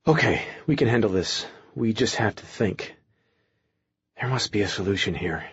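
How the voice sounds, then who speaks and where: A man's voice: mid-range voice, moderate pace, breathy edge, no echo, lo-fi sound, natural voice. A man voicing an anxious young man in an audiobook, nervous and rambling as he talks.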